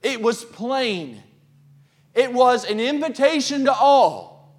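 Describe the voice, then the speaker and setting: Man, pastor, church sermon, high voice, impassioned, calls out questions. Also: animated, takes it slowly. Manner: impassioned preaching that rises to loud cries; asks the congregation questions.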